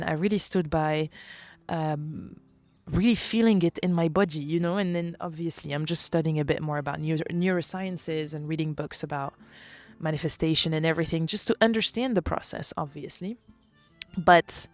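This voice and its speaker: A young woman with a French accent, talking through a reflective solo podcast, animated, swearing often and slipping into French phrases. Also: on the low side, no echo. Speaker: podcast host.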